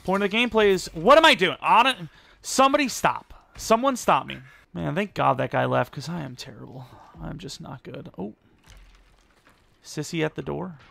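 A young man with a gravelly, creaky edge talks through a video game match, rambling and poking fun at his own play. His voice sits a little higher than most men's, and he bursts into sudden excited outbursts. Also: normal speed. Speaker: gaming YouTuber. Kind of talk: live gameplay commentary.

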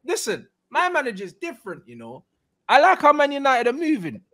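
A man's voice: very high-pitched, wildly swooping pitch, brisk, a bit bright. A young man talking football in slangy, laughing banter. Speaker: football fan co-host.

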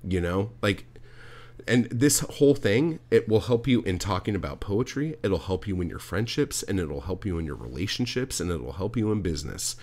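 His voice is low, expressive and a little mellow, moving at a moderate pace. As the host of a podcast, he unloads a fiery monologue packed with swearing, talking right to his audience and throwing in "dude."

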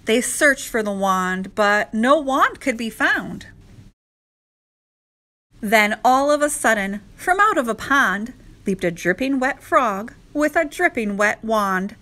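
A woman teacher reading a rhyming picture book aloud to children, slow and expressive. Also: on the high side. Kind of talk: children's read-aloud narration.

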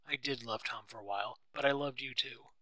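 A torn, upset young wife, read by a man in a storybook reading. She pleads and hesitates, in a bright voice with a dry, close sound. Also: mid-range voice, a little fast, no echo, natural voice. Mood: pleading.

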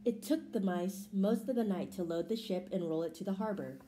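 A woman's voice: medium pitch, fairly quick, noisy background. Woman reading a storybook aloud. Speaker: storybook reader. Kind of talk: reading a picture book aloud. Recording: roomy echo.

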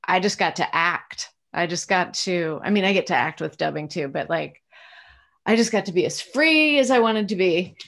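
A middle-aged American woman with a slightly low voice talks through her career in a relaxed interview. She is chatty and reflective, pausing on "um" and "uh" and restarting her sentences as she thinks. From United States. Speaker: voice actress, interview guest. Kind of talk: casual interview answers.

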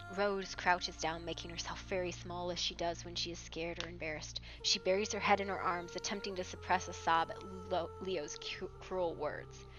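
A woman acting as game master, narrating a horror tabletop scene on a live stream in a hushed, hesitant way with frequent ums. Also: lowish voice.

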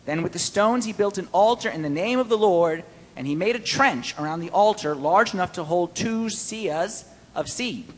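A man preaching a sermon-style Bible study, animated and playful, quizzing his listeners. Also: high-pitched, normal speed, long reverb tail.

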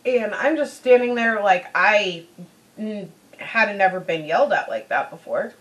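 A woman's voice: medium pitch, animated, measured pace, rough recording. A woman beauty vlogger telling a personal story in a chatty way, full of "you know"s. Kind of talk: casual storytelling.

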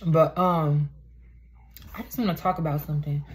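A woman's voice: sits low, steady tone, moderate pace, noisy background. A young woman, talking bluntly and swearing freely in a casual vlog rant at home. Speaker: vlogger. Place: indoors at home, poor lighting.

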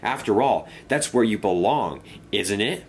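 A man's voice: lowish voice, lively intonation, a little slow, slight background noise. A man voicing a proud, rude male express engine who talks in a snooty, cross way. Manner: snooty, cross and self-important.

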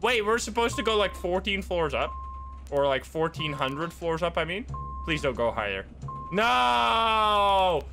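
A man's voice: high voice, big pitch swings, a little slow, vocal fry. A young man streaming a video game live, reacting with laughter, surprise and swearing as he plays. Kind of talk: live gameplay commentary. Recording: game music under voice. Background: game music.

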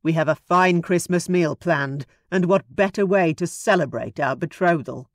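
A woman's voice: on the low side, normal speed, no echo, studio quality, close to an everyday voice. A woman voicing a leering, scheming male country squire who menaces the heroine with a smug tone.

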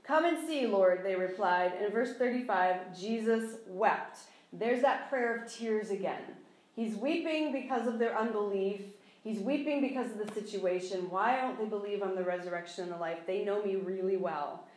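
A woman preaching a teaching sermon, lively and animated, acting out scripture dialogue with bursts of laughter. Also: medium pitch, normal speed. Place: church sanctuary. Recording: echoey room.

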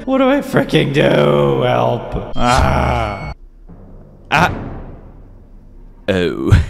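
A young man hosting a horror game playthrough, excitable, jumping from low muttering to loud yelps. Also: very slow, creaky, long pauses. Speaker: gaming video host. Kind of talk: let's-play horror game commentary.

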